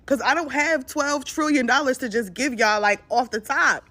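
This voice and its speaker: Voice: sits high, normal speed, pushed and bright. A speaker in a ranting social media clip, emotional and profane, joking and then taking it back.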